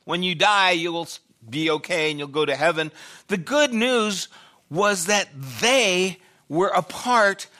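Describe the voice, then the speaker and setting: Bright-voiced older male pastor preaching. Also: high-pitched. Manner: storytelling preacher, swings from loud bursts to quiet asides. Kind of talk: sermon.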